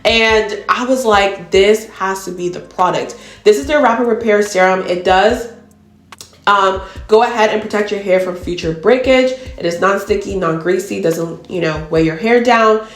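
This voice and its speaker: A woman's voice: medium pitch, normal speed, echoey room. A woman beauty vlogger chatting casually to her viewers, calling them y'all. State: tearful, emotional. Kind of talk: casual chat to camera.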